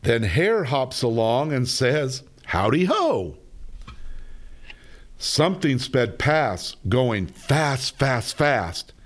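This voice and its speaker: A man reads a children's story aloud, very slowly and deliberately. His voice rises and falls with lively, sing-song expression, at an ordinary male pitch.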